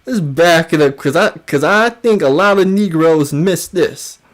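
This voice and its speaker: A woman's voice: sits low, measured pace. A woman hosting a commentary channel, reacting to online drama in an exclamatory way, repeating phrases and laughing often.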